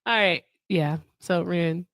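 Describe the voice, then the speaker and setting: A woman's voice: fairly low pitch, slow pace, a bit bright, no echo. A woman hosting a casual live stream, joking with her audience and laughing often. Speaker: livestream host.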